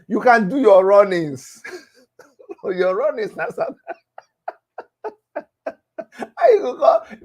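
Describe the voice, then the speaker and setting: Laughing between lines, a man in his fifties with a Nigerian accent and a very high-pitched voice delivers a mocking monologue full of lively Pidgin-laced talk.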